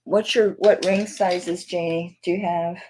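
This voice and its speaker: A woman's voice: lowish voice, fairly even intonation, measured pace, background noise. A middle-aged woman with a Southern accent hosting a live jewelry auction, chatting casually and affectionately with viewers. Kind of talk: casual livestream chat.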